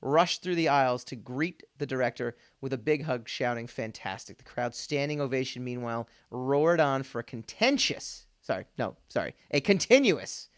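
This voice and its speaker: He hosts a casual podcast about pop culture, talking at a normal speed with few pauses in an animated, medium-pitched voice. The talk rambles, full of fillers, restarts, and frequent laughter.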